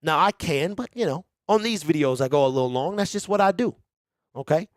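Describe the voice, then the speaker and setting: A man's voice: on the high side, a little fast, no echo, clean studio sound. A man from Detroit hosting a casual sports fan livestream, hyping up his viewers and checking in with them often. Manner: animated, hypes up viewers, keeps checking in with "okay?". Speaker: sports show host.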